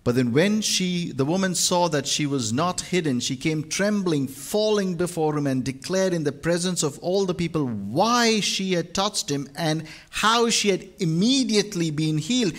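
A man's voice: a little high, lively intonation, normal speed, few pauses. Man preaching a dynamic sermon. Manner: dynamic, swings from hushed to loud and emphatic. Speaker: pastor.

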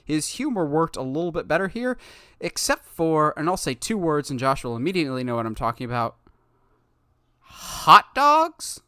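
Man, bright voice, dry close sound, casual movie review, animated, acts out quotes. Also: fairly high pitch, fairly quick, smooth, no room sound.

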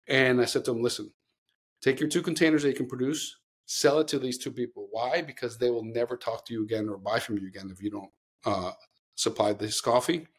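A man's voice: medium pitch, brisk, slightly rough. A middle-aged man co-hosting a podcast, telling long earnest stories in casual chat with many restarts. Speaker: podcast co-host.

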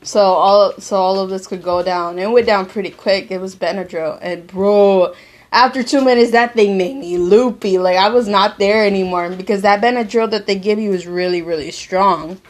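Animated young woman telling a story. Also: medium pitch, moderate pace. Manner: animated, slangy, laughs often. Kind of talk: casual storytelling chat.

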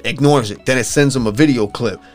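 Young man, casual profane storyteller, mid pitch, faint background music. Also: brisk. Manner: loose, profane storytelling full of fillers. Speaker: friend retelling a show. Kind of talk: casual chat.

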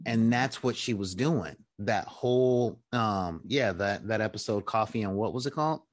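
A man's voice: on the low side, moderate pace, few pauses, no echo, clean studio sound. A man co-hosting a podcast in casual chat, drawling and acting out quoted reactions. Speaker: podcast co-host.

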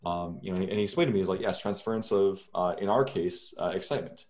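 Laid-back man, lower voice, lots of fillers. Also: fast. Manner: relaxed, many fillers and restarts. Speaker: guest. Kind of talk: casual interview talk.

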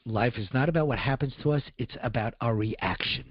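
A man's voice: medium pitch, fairly quick, husky, no echo. A man in his sixties, an interview guest telling a personal story in a rambling way with many fillers. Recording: dull dry lo-fi sound.

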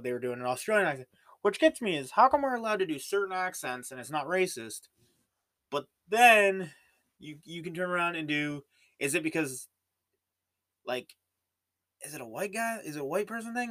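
A man's voice: a little high, animated, brisk, a bit bright. A young Canadian man with a Canadian accent, hosting a solo podcast in a casual, rambling way with many fillers and restarts. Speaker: podcast host.

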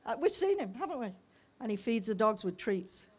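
An older woman pastor preaching a sermon, telling everyday stories with humour and emphatic pauses. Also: on the high side, sing-song, darkish tone, breathy edge.

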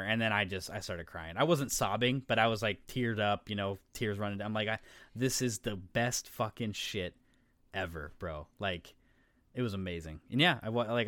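Man, low voice, excitable, rambling, swears a lot, casual podcast chat, dry close sound. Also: no room sound. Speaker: podcast co-host.

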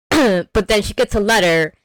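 A woman hosting a podcast, giving a casual, animated movie recap, swearing freely and acting out the characters. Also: mid-range voice, takes it slowly, no room sound. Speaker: podcast host. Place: remote call.

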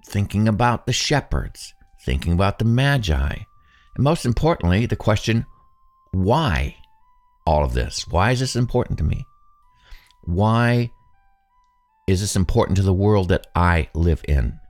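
A man in his sixties hosts a reflective solo podcast, thinking aloud in a casual, self-deprecating way. His voice sits very low but moves through a wide, lively range. Faint music plays behind him. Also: unhurried. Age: 60s. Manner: musing, conversational, self-deprecating. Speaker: podcast host.

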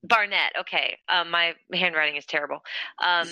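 A woman's voice: fairly low pitch, normal speed, sharp tone, no room sound, muffled recording. A woman co-hosting a casual chat podcast, rambling with lots of fillers, laughing often and swearing freely. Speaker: podcast co-host.

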